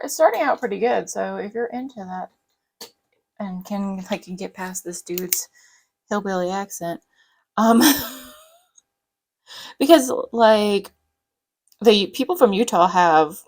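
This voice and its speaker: A woman's voice: medium pitch, vocal fry, low-quality recording. A woman with a light Southern US accent, rambling in a chatty, casual way while she works on a planner. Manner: rambling, chatty, lots of fillers. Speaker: planner vlogger.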